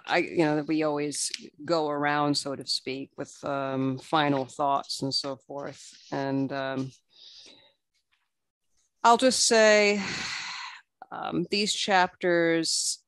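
A man speaks slowly and deliberately as a podcast host, offering his final thoughts on a book. He pauses often on "um" and restarts his sentences as he works out what to say. The voice is close and dry, with no room echo. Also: fairly high pitch, smooth. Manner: measured, thoughtful, with many "um"s and restarts. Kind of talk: reflective book discussion.

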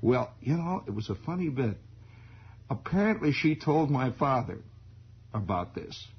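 A US radio host in his forties tells a rambling, improvised story and laughs at his own tale. His mid-range voice is husky and sing-song, a little slow, and the recording sounds like a dull old radio broadcast.

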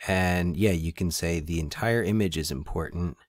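Deep-voiced male teacher talking students through a tutorial. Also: normal speed, no room sound, clean studio sound. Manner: relaxed, thinking aloud while clicking through. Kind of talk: screen-recorded tutorial.

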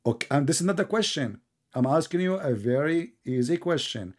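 A man argues in a heated online debate, his voice sitting a bit high. He is sarcastic and mocking, and he talks over the other side in broken English. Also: animated, fairly quick. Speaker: debate host.

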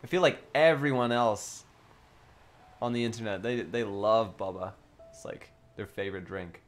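A man's voice: lowish voice, moderate pace, faint music behind. A man with an Australian accent hosting a casual livestream chat with viewers, playful, giggly and teasing. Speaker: livestream host.

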